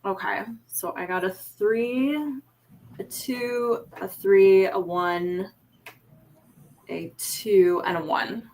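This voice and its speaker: A woman's voice: medium pitch, steady tone, slow pace, darkish tone, slight background noise. A woman playing a tabletop game, politely and tentatively explaining what her character does. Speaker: player. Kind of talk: tabletop role-play chat.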